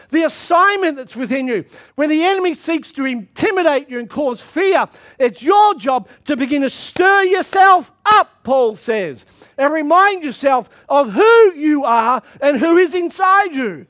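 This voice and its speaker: A man preaching a sermon to his church, reading scripture and pushing into shouted calls to action. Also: very high voice, animated, unhurried. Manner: impassioned preaching that swells into shouted exhortations.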